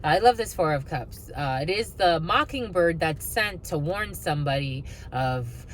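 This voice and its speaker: A woman's voice: low voice, animated, unhurried, slight background noise, rough recording. A woman doing a casual tarot energy reading, blunt and profane, with sing-song asides and mocking voices.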